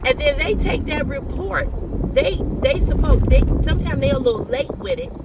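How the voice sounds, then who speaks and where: A woman's voice: high voice, animated, normal speed. An adult woman vents angrily to her viewers while driving, repeating herself and swearing. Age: adult with a mortgage and a child. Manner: angry, repetitive venting, swearing. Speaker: vlogger. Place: in a car. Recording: distant phone mic in a car with loud road noise.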